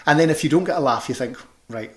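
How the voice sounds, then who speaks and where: A man's voice: fairly high pitch, very fast, a bit bright. Scottish guy, glasgow accent, rambling casual interview chat, lots of restarts. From Scotland. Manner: chatty, rambling, many restarts and fillers. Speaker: panto performer and director.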